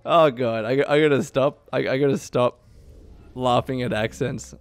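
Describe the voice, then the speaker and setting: A young man giving excitable, swearing let's play commentary, laughing often. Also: medium pitch, moderate pace, clean tone, no echo. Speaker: gaming youtuber.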